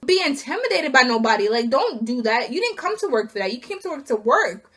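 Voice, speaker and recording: A young woman vlogger telling an indignant, animated story about being fired, acting out each side of the conversation. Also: high-pitched, a little fast. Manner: indignant, animated retelling with acted quotes. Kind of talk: casual storytime rant.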